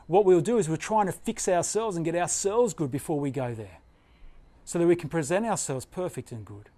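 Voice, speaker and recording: A middle-aged man delivering a sermon with a notably high voice. He preaches earnestly, pushing up into emphatic bursts when he drives a point home. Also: mellow. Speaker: pastor.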